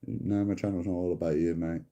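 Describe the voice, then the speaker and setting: On his livestream, a middle-aged host argues with a viewer in a casual, mocking way, swearing and addressing him as mate. He talks briskly in a deep, level, mellow voice.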